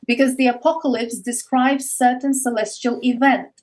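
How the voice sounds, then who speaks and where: A woman from Eastern Europe with an Eastern European accent, a podcast guest explaining intensely, repeating words and slowing down on key phrases. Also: sits high, fairly even intonation, darkish tone. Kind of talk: earnest conversational explaining.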